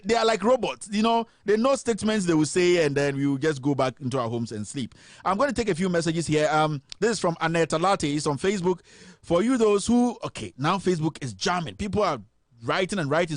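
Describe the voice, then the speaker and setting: Man, call-in host, fairly high, dry close mic, chatty and joking, lots of fillers. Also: dry recording. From Ghana. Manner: animated, joking, reads out viewer comments; frequent fillers and restarts. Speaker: host of a live political stream. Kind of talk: live call-in talk show.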